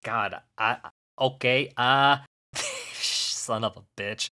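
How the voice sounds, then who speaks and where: A man's voice: medium pitch, fairly even intonation, takes it slowly, bright, forceful tone, smooth. A man co-hosting a podcast in casual comedic chat, joking and improvising sing-song ditties. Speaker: podcast co-host.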